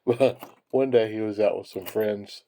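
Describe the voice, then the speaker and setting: A man's voice: on the low side, unhurried, dark tone, slight background noise. A man telling rambling, chuckling anecdotes while sorting pennies. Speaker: penny hoarding hobbyist. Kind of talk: casual storytelling while sorting coins.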